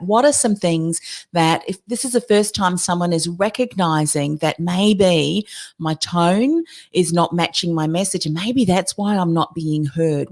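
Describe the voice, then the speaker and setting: A woman's voice: on the low side, vocal fry. A woman hosting a podcast interview, talking in long run-on sentences and encouraging her guest. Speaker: podcast host.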